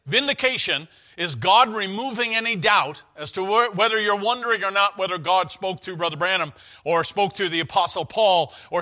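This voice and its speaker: A man's voice: high voice, pushed and bright. A man preaching an earnest, conversational sermon in a church, often restarting his phrases.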